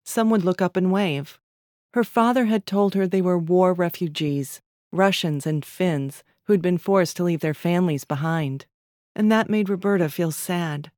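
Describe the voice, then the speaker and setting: Woman, low voice, literary fiction reading, measured, dry close recording. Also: darkish tone, dry recording. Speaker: narrator.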